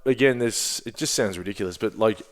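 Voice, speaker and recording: A man's voice: on the low side, a little fast. A man with an Australian accent, in his thirties, telling rambling anecdotes in a casual chat. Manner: laid-back, rambling anecdotes with filler words. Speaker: comedian guest.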